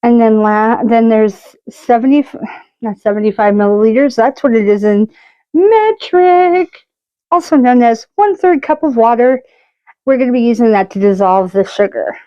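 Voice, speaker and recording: A woman's voice: a little high, moderate pace, dark tone, clear, resonant tone, no echo, muffled recording. A woman hosting a casual cooking video, chatty and joking at her own expense. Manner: chatty and self-mocking, jokes about her own accents. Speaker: cooking show host.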